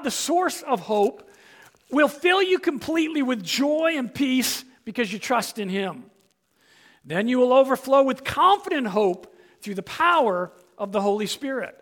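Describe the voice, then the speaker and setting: A man's voice: very high voice, fairly bright tone. A man preaching a sermon as pastor, emphatic and direct, speaking straight to his congregation with one rhetorical question after another.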